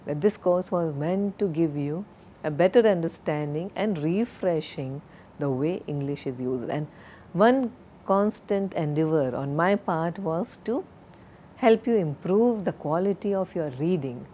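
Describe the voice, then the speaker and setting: Slow, deliberate woman lecturer. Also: deep voice, expressive, dark tone, slight background noise. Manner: slow, deliberate, drills word pronunciations. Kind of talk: recorded classroom lecture.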